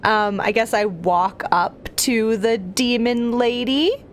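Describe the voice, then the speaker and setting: Woman player, higher voice, slow and lilting, easygoing. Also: a little hiss or hum. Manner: easygoing, giggly. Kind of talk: casual tabletop play.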